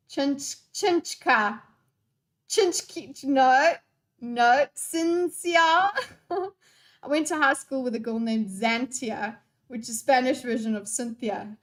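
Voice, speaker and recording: This young woman's voice is fairly high and unhurried as she reads chat on an unscripted live stream. Her talk with her audience is playful and scattered, peppered with free swearing.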